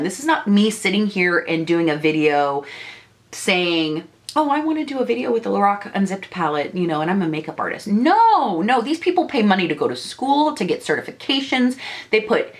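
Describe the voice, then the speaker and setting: A young woman beauty vlogger chatting while she does her makeup, ranty and indignant, rambling with restarts. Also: lowish voice. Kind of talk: casual chat while doing makeup.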